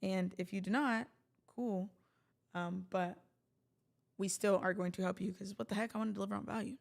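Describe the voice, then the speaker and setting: A woman's voice: medium pitch, steady tone, normal speed, gravelly. A woman hosting a livestream, talking casually to her viewers in a chatty, rambling way with jokey asides. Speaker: livestream host.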